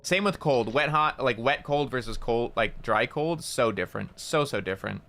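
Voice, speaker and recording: A man with a bright, forceful voice chatting casually as he streams a game. He rambles through an anecdote, stammers and repeats words, and drops swear words without a second thought. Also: medium pitch, expressive, moderate pace. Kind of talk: casual storytelling while gaming.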